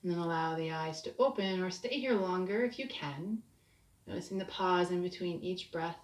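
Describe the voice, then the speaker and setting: A woman teaching a short yoga break, talking students through each move with gentle, soothing cues. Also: on the low side, moderate pace. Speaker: yoga instructor. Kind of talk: guided yoga class. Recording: echoey room, distant mic.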